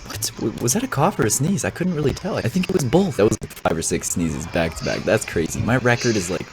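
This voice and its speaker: Excitable young man with a lively, bouncing voice. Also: lowish voice, fast talker, few pauses, music in the background, low-quality recording. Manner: excitable, goofy, exclaiming in disgust and surprise. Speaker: reaction video host. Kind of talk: casual reaction commentary.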